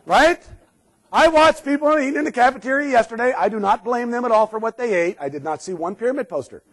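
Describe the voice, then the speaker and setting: A man's voice: extremely high pitch, lively intonation, fast talker, a bit bright. A man giving a humorous keynote on workplace safety to an audience, sarcastic and joking, acting out what people say.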